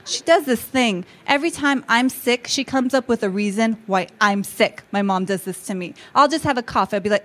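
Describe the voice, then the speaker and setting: A woman performing a stand-up comedy set, talking quickly with punchy lines and laughing asides. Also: a little high, a bit bright.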